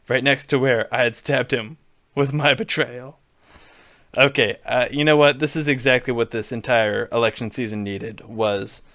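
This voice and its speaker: A man's voice: medium pitch, fairly bright tone, no echo, clean studio sound. A young man playing a dating game and reading its text aloud with wry, dramatic delivery. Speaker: let's play host.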